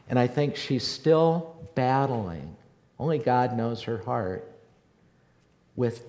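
A man's voice: medium pitch, expressive, slow pace, a little mellow. A man preaching a sermon as a pastor, building emphasis by repeating phrases. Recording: long hall reverb.

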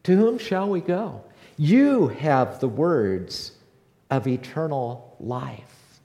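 A man preaching a sermon as pastor, passionate and building to loud emphatic repetition. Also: mid-range voice, sing-song, very slow, gravelly, long reverb tail. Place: church sanctuary.

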